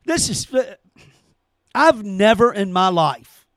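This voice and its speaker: A man with an unusually high voice rants hard, cursing and hammering the same words over and over. His pitch jumps all over as he gets worked up, and the sound is dry and close with no room around it. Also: very animated, takes it slowly, fairly bright tone, dry recording. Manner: heated, cursing, emphatic repetition. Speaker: podcast host. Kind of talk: angry opinion rant.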